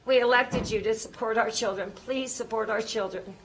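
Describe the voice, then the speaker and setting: A woman's voice: on the high side, steady tone, moderate pace, slight background noise. A woman, a mother, giving a nervous, emotional public comment at a board meeting and pleading with the board.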